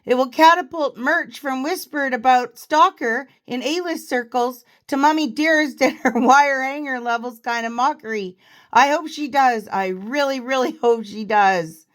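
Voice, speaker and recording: A woman with a hoarse, worn voice hosts a casual online commentary. She pitches a little high and chats loosely, laughing between remarks. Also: measured pace. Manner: chatty, laughs often. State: hoarse from overuse.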